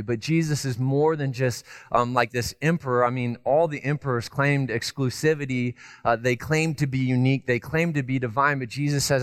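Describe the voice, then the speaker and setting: Animated man preaching a sermon. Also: mid-range voice, fairly quick, few pauses, no echo. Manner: animated storytelling, swinging between loud emphasis and hushed tenderness; conversational, self-deprecating asides with restarts. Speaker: pastor.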